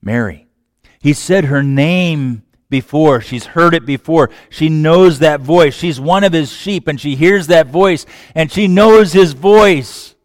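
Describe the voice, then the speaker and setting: A man preaching a sermon, asking rhetorical questions and swinging from hushed lines to loud, impassioned ones. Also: fairly high pitch, slow, hardly any pauses, dry recording, studio quality. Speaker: pastor.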